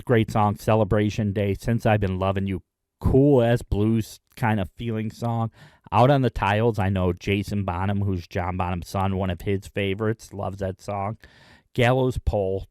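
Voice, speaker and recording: A man hosting his own video, chatting enthusiastically in a casual rundown with frequent pauses. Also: lowish voice, a little mellow, clear, resonant tone, no room sound, studio quality. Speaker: music video host.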